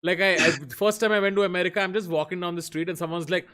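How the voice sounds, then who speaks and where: Male host, slightly high voice, joking, swearing, casual stream chat. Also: racing, hardly any pauses, a bit bright.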